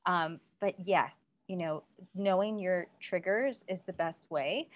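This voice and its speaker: A woman's voice: fairly low pitch, slow pace. Practical woman giving advice, lo-fi sound. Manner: practical, advice-giving, with many "um"s and "you know"s. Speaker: parenting guest. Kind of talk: casual conversational interview. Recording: dull lo-fi recording.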